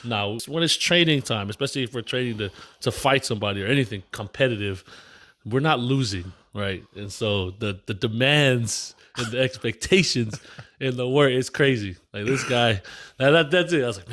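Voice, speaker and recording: A man co-hosting a casual podcast, telling stories in an animated way, laughing often and swearing. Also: medium pitch, brisk. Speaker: podcast co-host. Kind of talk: casual chat.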